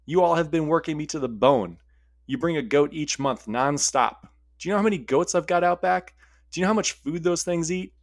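A man's voice: on the high side, a little fast, no echo, voice pushed up, natural voice. A weary cave monster grumbles about his workload in a put-upon, slightly raised voice, as a man puts him on in a spoken story. The delivery is dry and close, with no room sound. It comes across as tired and annoyed rather than fearsome. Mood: grumbling.

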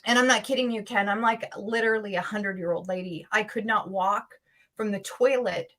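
Woman, interview guest, earnest, urgent, restarts often, mid pitch. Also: steady tone, a little fast, a bit bright. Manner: emotional, intense storytelling. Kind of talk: personal story in an interview.

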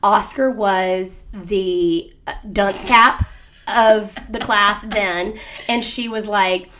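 A young woman co-hosting a chatty podcast. She tells stories with big energy, bursting into loud laughs and mimicking people as she goes. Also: mid-range voice, extremely slow, a little hiss or hum. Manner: animated storyteller, loud laughing outbursts and mimicry. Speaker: podcast co-host. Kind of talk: casual chat.

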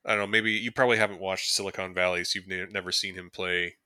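Laid-back man with a bright, forceful voice. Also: low voice, level tone, fast, clean tone, no room sound, studio quality. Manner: laid-back, rambling, frequent fillers and chuckles. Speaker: podcast co-host. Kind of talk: casual movie review chat.

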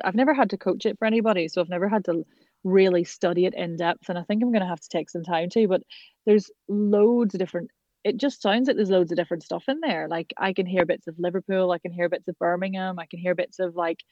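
A woman's voice: fairly low pitch, warm tone, dry recording, lo-fi sound. An Irish woman working as a voice and accent coach, chatting enthusiastically in an interview. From Ireland. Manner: chatty, enthusiastic, quick asides. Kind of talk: casual interview chat.

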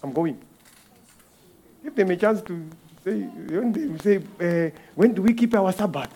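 A man with a high voice preaches a sermon as a guest speaker. He keeps it conversational and acts out little exchanges. He often repeats a word or restarts a phrase before he goes on. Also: lively intonation, moderate pace, warm tone. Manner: conversational preaching with acted-out quotes and rhetorical questions.

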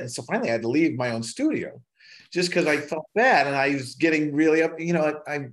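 A middle-aged man, a musician guest on a podcast, telling wry, animated anecdotes and acting out what people said to him. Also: on the high side. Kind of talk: casual storytelling in a podcast interview.

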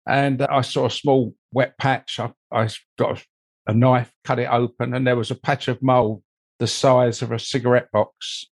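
An older man talks through a long personal anecdote in a conversational, meandering way, dropping in "you know" as he goes. His voice sits at an ordinary middle pitch for a man. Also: level tone, unhurried. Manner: rambling, anecdotal, frequent "you know" asides. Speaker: interview guest, mold investigator. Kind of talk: conversational storytelling.

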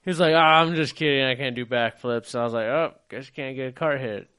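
Animated man telling a funny story. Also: medium pitch, quick pace, clear, resonant tone. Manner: animated storyteller, acts out quotes, swears freely. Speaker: podcast co-host. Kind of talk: casual storytelling chat.

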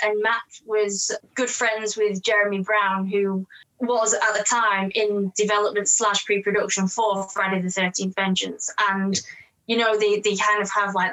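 An actress with an English accent chatting as a guest, talking quickly and laughing often. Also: female voice, mid-range voice, a bit bright, poor audio. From England. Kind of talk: casual interview chat.

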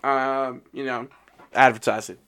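A man's voice: medium pitch, fairly even intonation, a little slow, fairly bright tone, a little hiss or hum. A man co-hosting a casual podcast, cracking sarcastic jokes and swearing. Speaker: podcast co-host.

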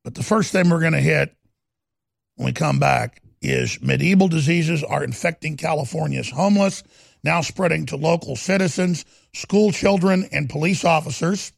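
A man hosting a talk radio show, delivering a heated, ranting monologue that swings between loud and quiet. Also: fairly high pitch, normal speed, gravelly, dry recording, clean studio sound.

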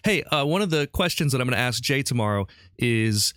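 A man's voice: medium pitch, animated, brisk, fairly bright tone, no echo. A chatty man hosting a comedy quiz podcast, laughing easily and keeping the banter light. His voice sits in a middling register and sounds close and dry, with no room around it. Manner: laughing often, chatty and upbeat. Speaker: podcast host quizzing a guest. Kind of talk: casual comedic quiz chat.

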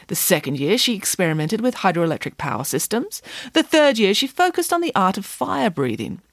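A woman's voice: mid-range voice, big pitch swings, fairly quick, no echo, studio quality. A woman voicing a bossy, boastful female pig nanny with a confident, indignant way of telling stories. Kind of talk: audiobook character voice.

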